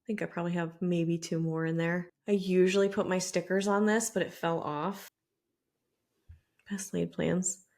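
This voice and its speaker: A woman's voice: lowish voice, steady tone, moderate pace, a little mellow. A woman beauty vlogger chatting casually to camera while she applies makeup, self-deprecating and talkative. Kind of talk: casual makeup tutorial chat. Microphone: camera mic with mirror some distance off.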